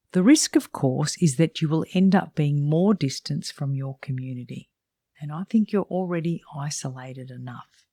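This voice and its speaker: A woman's voice: low voice, dark tone, no room sound, studio quality. A woman salon coach reading her own book aloud, giving direct and emphatic advice. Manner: direct, emphatic, plain-spoken.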